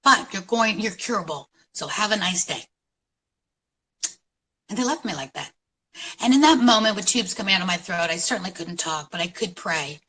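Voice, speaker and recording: A middle-aged woman from New York City telling her story at a conference in an animated, storytelling way, with dramatic pauses. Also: mid-range voice, breathy edge, low-quality recording. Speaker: conference speaker. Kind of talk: inspirational talk.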